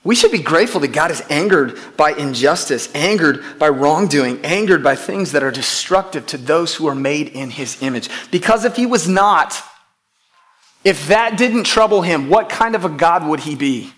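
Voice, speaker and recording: A man's voice: on the high side, animated, moderate pace, fairly bright tone. A pastor preaching to his church in an emphatic way, repeating key phrases and putting questions to the congregation. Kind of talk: sermon.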